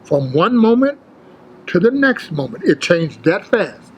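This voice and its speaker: Animated older man spinning a story. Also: sits high, measured pace, breathy edge, muffled recording. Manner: animated storyteller, acts out quotes, street slang. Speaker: interview guest, former bodybuilder. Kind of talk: casual storytelling interview.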